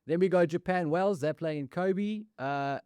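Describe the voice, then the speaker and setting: A man's voice: fairly high pitch, normal speed, mellow, clear, resonant tone, no room sound. A man co-hosting a rugby podcast, easygoing and laughing as he lists fixtures. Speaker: podcast co-host. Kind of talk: casual sports chat.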